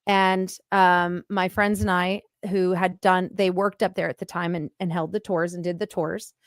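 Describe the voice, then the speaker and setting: A middle-aged woman casually telling a podcast host about her paranormal experience, in an animated, emphatic way with many fillers. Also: on the low side, normal speed, dry recording. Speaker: paranormal investigator guest.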